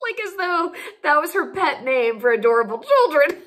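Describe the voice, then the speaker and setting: A high-voiced woman tells a funny story in a relaxed, chatty way. Her pitch swoops up and down with lively expression, and she keeps breaking into giggles as she talks. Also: normal speed. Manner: giggly, laughs through the telling, animated. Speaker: storyteller host. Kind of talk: casual anecdote telling.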